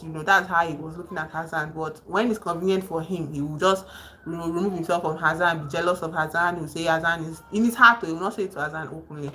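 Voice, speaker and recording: A woman hosting a casual livestream, excitedly retelling a novel's plot with emphatic outbursts. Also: on the low side, fast, a little hiss or hum, poor audio. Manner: excited, emphatic storytelling with sudden exclamations. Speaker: livestream host. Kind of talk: casual livestream chat about a book. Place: home.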